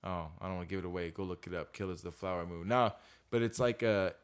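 A man co-hosting a podcast, chatting loosely with heavy swearing and animated bursts. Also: low-pitched, fast talker, smooth. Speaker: podcast co-host. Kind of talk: casual chat.

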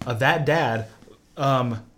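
A man casually recapping a TV show plot, rambling with lots of fillers and trailing off into quiet mumbles. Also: mid-range voice, slow pace, a little hiss or hum. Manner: rambling, filler-heavy, drops quiet when quoting characters.

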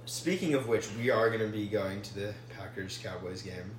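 Casual sports podcast guy, young, low voice, gets worked up and trips over his words, echoey room with a faint hum. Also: normal speed. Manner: excitable, stumbles over words. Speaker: podcast co-host.

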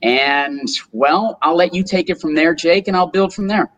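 A young man in his twenties from upstate New York, a little higher-pitched than most men. He tells his story as a guest in a casual, animated way. He acts out the quotes as he goes. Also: moderate pace, muffled recording. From Rochester, New York, US. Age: 20s. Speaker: guest, solar business owner.

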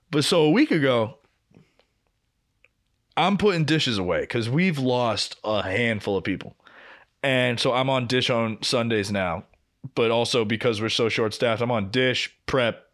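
A young man co-hosting a podcast, casually telling a long work story, swearing often and acting out both sides of quoted arguments. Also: mid-range voice. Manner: profane, animated, acts out quoted exchanges. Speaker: podcast co-host.

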